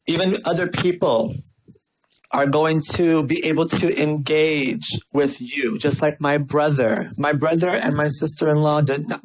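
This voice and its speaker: A man giving a motivational marketing talk, animated and repetitive, telling stories with playful asides. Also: a little high, a little hiss or hum, low-quality recording. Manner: lively, repetitive, storytelling delivery with playful asides. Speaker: marketing speaker.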